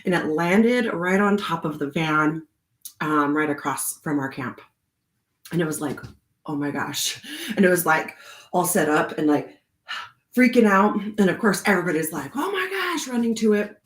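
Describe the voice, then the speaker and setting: A woman casually telling a personal story with many fillers, now and then jumping into a high voice to act out what she said. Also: moderate pace, echoey room. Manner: chatty, many fillers, acts out quotes in a high voice. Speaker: host of a card reading channel.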